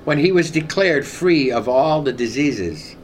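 A man's voice: a little high, expressive, measured pace, slight background noise. A man preaching a sermon, telling a personal story and leading the congregation in repeating lines. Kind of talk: sermon with call and response.

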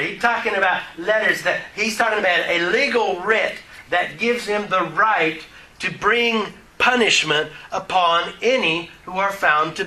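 A man's voice: high voice, pushed and bright, rough recording. An older man preaching in an informal Bible teaching, joking in a folksy way between readings of scripture and speaking around loose-fitting dentures.

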